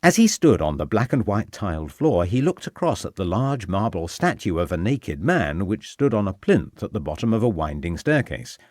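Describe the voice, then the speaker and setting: Brief: measured, expressive man reading a crime novel, fairly low and very dry. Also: no echo. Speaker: audiobook narrator. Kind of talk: scripted narration.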